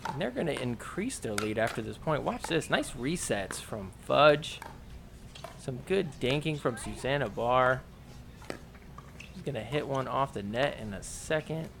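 A man's voice: medium pitch, expressive, measured pace, vocal fry, background noise. A man hosting a podcast, giving a casual play-by-play recap of match footage in a chatty way. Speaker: podcast host. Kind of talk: casual sports recap commentary.

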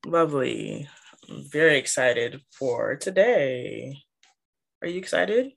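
A young woman co-hosting a podcast in casual chat, with a calm, soothing voice and frequent giggles. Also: deep voice, vocal fry. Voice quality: calming voice. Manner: slow, soft-spoken, giggly. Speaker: podcast co-host.

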